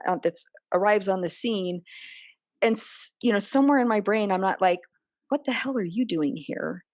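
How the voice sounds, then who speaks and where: A woman's voice: mid-range voice, a little mellow, dry recording, clean studio sound. A woman speaking earnestly as a podcast guest, often acting out remembered dialogue in other voices. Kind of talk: personal interview conversation.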